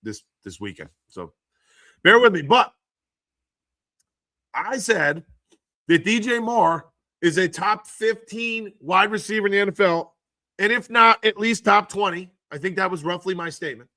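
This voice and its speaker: A hoarse man hosting a casual live stream about football news, excitable and laughing often as he reads the chat aloud. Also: high voice, a little slow, long pauses, dry recording, clean studio sound. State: hoarse from screaming.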